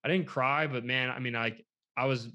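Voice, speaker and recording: A man's voice: mid-range voice, normal speed. Man rambling through a hunting story. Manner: rambling, animated retelling with quoted dialogue. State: shaken, emotional. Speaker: hunter telling a story. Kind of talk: casual storytelling.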